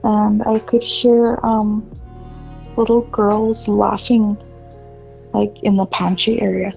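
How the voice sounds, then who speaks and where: A woman, a podcast guest, telling a ghost story in a casual, animated way, full of "like" fillers and mimicked voices. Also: medium pitch, takes it slowly, gravelly, dull audio, soft background music.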